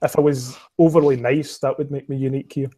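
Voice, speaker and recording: A man's voice: mid-range voice, flat delivery, quick pace, warm tone. A young man with a West of Scotland accent, hosting a podcast in casual chat, swearing freely and laughing at himself. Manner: profane, laughing, self-mocking. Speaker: podcast host.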